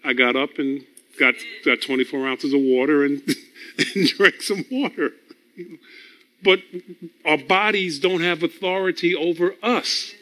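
A man delivering a conversational sermon with a bright, forceful voice that sits a little high for a man. He teaches through personal stories, chuckles between thoughts and circles back over words as he gets his point out. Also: unhurried. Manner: chuckles often, repeats words as he builds a point; storytelling, teaching tone. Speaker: preacher.

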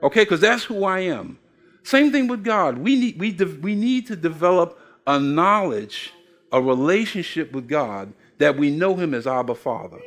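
A man's voice: fairly high pitch, animated, moderate pace, a bit bright. An older man preaching a sermon, asking the congregation questions and telling folksy stories with acted-out voices. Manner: folksy storytelling, acts out quoted voices. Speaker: pastor.

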